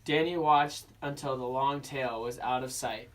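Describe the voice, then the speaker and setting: A young man, a student, narrating a children's picture book aloud for an oral interpretation class in a steady storybook manner. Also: medium pitch, unhurried, far from the mic. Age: young adult. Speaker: student reader.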